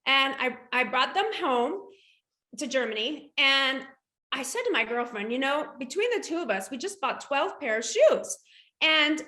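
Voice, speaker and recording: A woman from the United States, an entrepreneur guest, telling her story in a casual, animated way and acting out quoted dialogue. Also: high-pitched, unhurried. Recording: echoey room.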